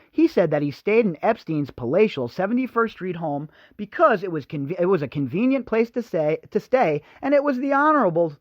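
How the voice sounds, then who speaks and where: A man's voice: sits high, no echo, muffled recording. A man hosting a podcast, giving blunt, sarcastic news commentary in a chatty, opinionated way. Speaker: podcast host.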